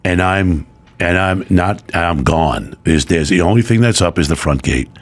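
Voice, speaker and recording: A man's voice: sits low, a little slow. Middle-aged man telling an emotional story. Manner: emotional storytelling, animated voices for quotes. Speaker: guest. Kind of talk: casual chat, personal story.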